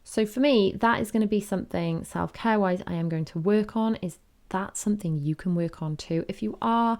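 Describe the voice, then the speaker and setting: A woman's voice: medium pitch, normal speed, a little mellow. A woman in her thirties hosting a solo podcast, chatty and candid, wandering off on tangents. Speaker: podcast host. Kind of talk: casual solo podcast talk.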